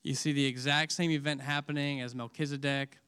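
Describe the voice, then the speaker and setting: Male preacher, high pitch, emotional sermon delivery that swings between loud and hushed. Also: flat delivery, brisk, smooth. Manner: asks audience questions.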